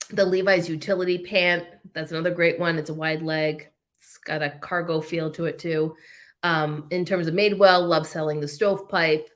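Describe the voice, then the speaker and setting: Here the reseller livestream host has a deep but fairly bright voice as she chats through viewer comments, laughing often and saying um a lot. Her eyes water while she coughs.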